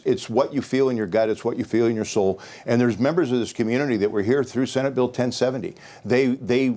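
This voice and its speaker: A man's voice: medium pitch, darkish tone. A middle-aged man answering as a sheriff candidate in a political debate, earnest and emphatic, often repeating words as he thinks.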